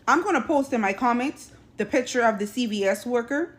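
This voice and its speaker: A woman from South Carolina, a social media commentator, recounts an incident directly to her viewers in casual commentary. Her voice is a little high, fairly bright and animated, moving a little fast with few pauses, and she emphasizes points by repeating key phrases.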